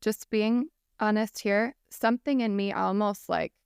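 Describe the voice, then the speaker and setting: Woman, podcast host, enthusiastic, laughs easily, very crisp voice, dry close sound. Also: medium pitch, steady tone, a little slow, darkish tone, no echo. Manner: enthusiastic, laughs often, admiring. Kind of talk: interview conversation.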